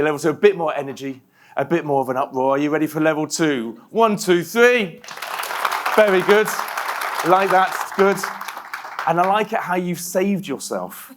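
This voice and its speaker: A middle-aged man delivers a motivational keynote and rallies the audience into call-and-response. His voice sits a little higher than most men's, and his delivery is lively and animated. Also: noisy background. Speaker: keynote speaker.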